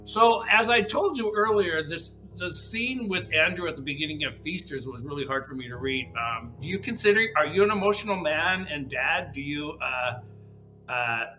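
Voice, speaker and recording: Chatty host with a bright, forceful voice. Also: female voice, low voice, animated, moderate pace, faint music behind, poor audio. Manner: chatty, hesitant, many restarts and fillers. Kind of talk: casual interview chat.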